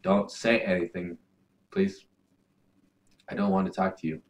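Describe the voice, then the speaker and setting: A man doing video game commentary, yelling and cursing at the game as he plays. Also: low-pitched, fairly even intonation, unhurried. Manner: yells and curses at the game. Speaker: gameplay commentator.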